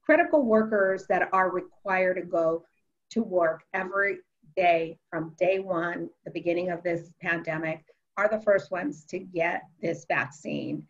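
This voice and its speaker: Woman lawmaker, fairly low voice, halting and earnest, dull lo-fi call audio. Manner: earnest, halting, with frequent restarts. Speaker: elected official on a panel. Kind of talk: panel remarks over video call. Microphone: video call.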